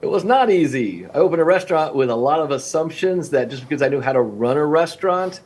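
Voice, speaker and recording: A man's voice: on the high side, fast. A man in his fifties, a restaurant coach, speaking as a guest on a podcast interview and acting out conversations with clients. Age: 50s. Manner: energetic, acts out phone-call dialogues with clients.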